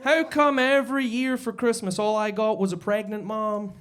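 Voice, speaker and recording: High-voiced stand-up comic. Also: male voice, fairly even intonation, moderate pace, clean tone. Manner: theatrical, exasperated, yelling bits. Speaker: stand-up comedian. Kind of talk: live stand-up act. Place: basement comedy club.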